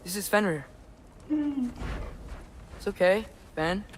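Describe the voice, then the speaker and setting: A man's voice: high-pitched, very animated, very slow, very noisy, heavily acted. An actor voicing an earnest, determined teenage boy in a video game. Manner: earnest, resolute.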